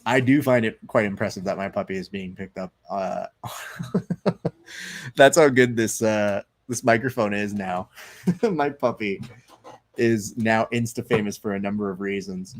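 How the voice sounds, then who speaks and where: A man's voice: lowish voice, a little slow. A man hosting a live stream, chatting loosely, reading viewer comments aloud and commenting on fights. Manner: loose, chatty, swearing, reads chat aloud.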